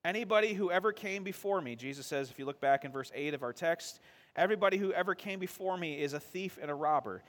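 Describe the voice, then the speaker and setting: A man's voice: sits high, animated, fast, fairly bright tone. A man pastor preaching a sermon in a conversational way, asking the congregation questions and answering them himself.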